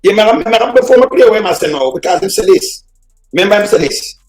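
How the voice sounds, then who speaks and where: Fast, high-voiced ranting Jamaican man. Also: wildly swooping pitch, a little mellow, roomy sound, faint music behind. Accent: Jamaican Patois. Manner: ranting, insulting and swearing. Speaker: host of a reaction show. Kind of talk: heated commentary on played clips.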